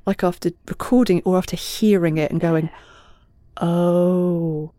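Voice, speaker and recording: A Welsh-accented woman and voice actor, chatting and reminiscing in an animated way. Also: on the low side, a little fast, dry recording. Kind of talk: casual reminiscing chat.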